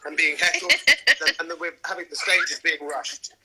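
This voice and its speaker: A man in his thirties chatting playfully on a live stream from home, joking and animated. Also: a little high, brisk, low-quality recording. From Great Britain. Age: 30s. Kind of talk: casual chat.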